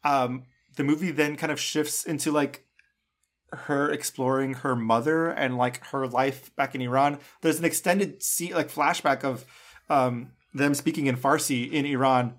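We hear a man in his natural middle pitch, talking casually on a film podcast. He gushes about movies and packs his sentences with "um" and "like". He speaks as a regular co-host of the show. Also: steady tone, unhurried, fairly bright tone. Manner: effusive, gushing, heavy on filler words. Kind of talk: casual film review chat.

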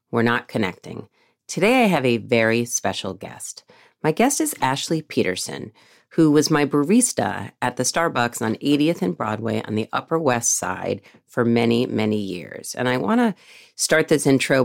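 A woman's voice: a bass voice, gravelly, no echo, studio quality. A middle-aged woman from the United States hosting a podcast, telling a story in an upbeat way. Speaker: podcast host.

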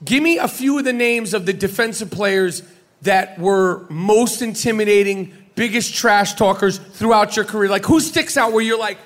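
Male host, very high voice, halting casual questions. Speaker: podcast host. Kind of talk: casual interview.

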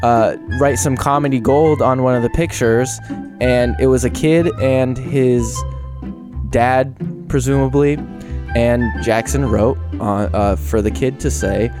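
A young man co-hosting a casual podcast, telling a school story with lively acted-out quotes. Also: mid-range voice, unhurried, over music. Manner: animated, acts out quoted voices, laughs often. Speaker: podcast co-host.

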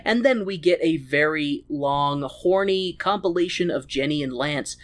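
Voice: medium pitch, measured pace, few pauses. A podcast host recapping a film in casual chat, crude and sarcastic.

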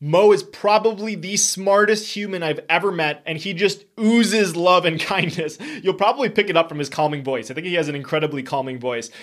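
A young man hosts a podcast in an effusive, emphatic, upbeat way. His voice sits a little high for a man. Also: a little fast, few pauses, fairly bright tone. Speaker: podcast host. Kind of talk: enthusiastic podcast intro and interview.

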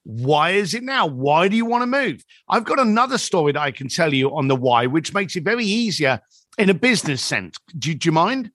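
Fifties guy telling stories on a podcast, high bright voice, dead dry sound. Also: a little fast, no echo. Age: 50s. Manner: animated storyteller acting out quoted dialogue. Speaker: podcast guest. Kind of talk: storytelling in a podcast conversation.

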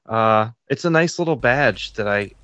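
Male guest, comic artist, excited rambling chat, dry mic. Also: medium pitch, moderate pace, no echo, muffled recording. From Chicago area. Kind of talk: casual chat.

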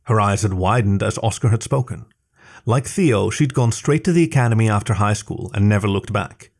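Man with a low voice reading a story. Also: animated, normal speed, creaky. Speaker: story reader. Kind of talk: scripted narration.

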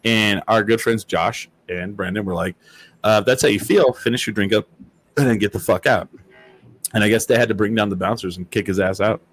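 A man hosting a casual chat. He tells stories in a lively, profane way and acts out what people said. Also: fairly low pitch, brisk. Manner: animated, profane storytelling with acted-out quotes. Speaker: host.

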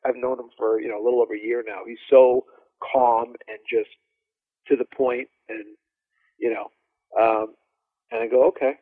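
Drummer telling stories over a phone line. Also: male voice, medium pitch, normal speed, pauses often, no echo. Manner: animated, laughing storyteller, many fillers. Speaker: guest drummer. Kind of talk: casual storytelling interview.

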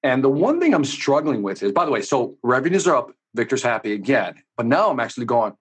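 A man's voice: medium pitch, very animated, fast talker, slightly rough. A man from the United States, a sales coach talking energetically with emphatic asides in a casual podcast interview.

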